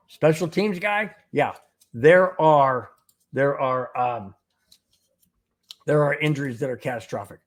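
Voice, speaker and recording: A middle-aged man hosts a live sports show from home, chatting loosely and often repeating himself as he restarts sentences. His voice sits a little higher than most men's. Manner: rambling, repeats words, reads chat aloud. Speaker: sports podcast host. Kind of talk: casual live-stream talk.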